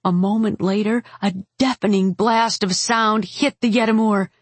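A woman narrating a first-person fantasy audiobook in a steady, wry manner. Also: mid-range voice, moderate pace, breathy edge, no room sound.

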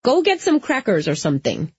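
A woman voicing a gruff older woman, a blunt, grumbling faded witch in an audiobook. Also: on the high side, wildly swooping pitch, a little fast, a little mellow, no echo, voice pushed up, exaggerated voice. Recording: slightly dull lo-fi.

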